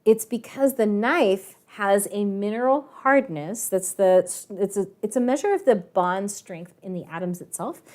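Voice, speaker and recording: A woman teacher telling a lively story to her online class, chatty and animated, with frequent laughing asides, over a video call. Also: mid-range voice, a little slow, hardly any pauses. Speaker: math and science teacher.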